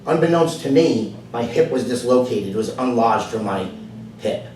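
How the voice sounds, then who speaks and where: A man giving a prepared personal speech at a club meeting, telling his story earnestly, going soft at times and then building to emphatic lines. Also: mid-range voice, expressive, moderate pace. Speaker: club speaker. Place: meeting room. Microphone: far camera. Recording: echoey room from far off, faint noise.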